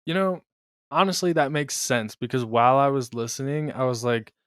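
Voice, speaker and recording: A man's voice: medium pitch, moderate pace, fairly bright tone, clear, resonant tone, no room sound, studio quality. A man co-hosting a podcast in casual chat. He is laid-back, laughs often and swears casually. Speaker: podcast co-host.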